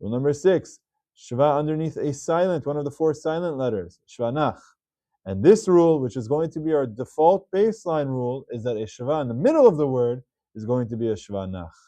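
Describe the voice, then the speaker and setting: A man teaching Hebrew reading rules in a patient video lesson, repeating key words slowly. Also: medium pitch, animated, warm tone, no echo.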